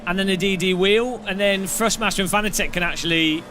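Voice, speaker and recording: A man's voice: sits high, fairly quick, bright, forceful tone, a little hiss or hum. A man chatting casually on a live stream, rambling and jokey, laughing often.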